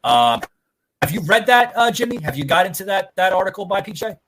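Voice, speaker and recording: A man's voice: high voice, sing-song, a little fast, a bit bright, a little hiss or hum, poor audio. A man hosting a casual podcast, rambling with lots of fillers and casual swearing. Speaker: podcast host.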